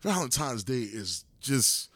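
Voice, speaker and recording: A blunt, profane man argues and teases on a casual podcast. His voice sits at an ordinary middle pitch. The sound is close and dry, with no room echo. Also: sing-song, takes it slowly, fairly bright tone. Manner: blunt, profane, teasing and argumentative. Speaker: podcast co-host. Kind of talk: casual chat.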